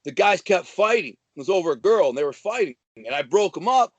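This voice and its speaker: High-voiced man telling swaggering tales. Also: a little fast, no echo, highs cut off. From Detroit. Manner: swaggering, animated, profane. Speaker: guest. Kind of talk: casual storytelling.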